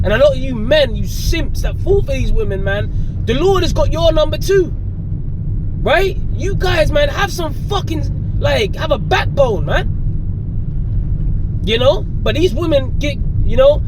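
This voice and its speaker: Male street preacher, very high voice, confrontational and profane, recorded outside with traffic noise. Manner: confrontational, cursing, keeps saying "man". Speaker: religious preacher. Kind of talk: profane ranting sermon.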